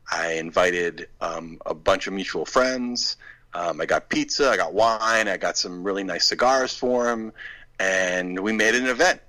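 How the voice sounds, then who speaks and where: A man's voice: sits low, sharp tone, rough recording. A man, a film director telling a story in a casual interview and acting out the quoted dialogue.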